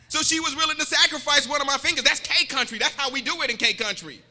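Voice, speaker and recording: A man's voice: very high-pitched, fast talker, sharp tone. A man preaching a sermon, joking and repeating himself, calling out to the congregation. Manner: joking, repetitive, calls out to the congregation. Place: church. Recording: reverberant church hall.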